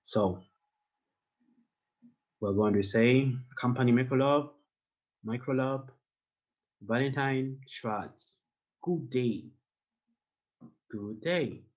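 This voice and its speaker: A male language teacher speaks slowly and patiently in an online class, saying each phrase over again so learners can echo it. His mid-pitched voice comes through a computer mic with dull, muffled call audio. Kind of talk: online German lesson.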